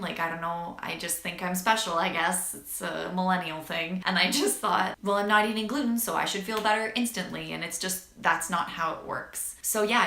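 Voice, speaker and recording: A woman's voice: lowish voice, bright, forceful tone. Chatty young woman, echoey room. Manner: chatty and candid, lots of "like", gets emotional and laughs. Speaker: vlogger sharing a health story. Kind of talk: casual talk to camera.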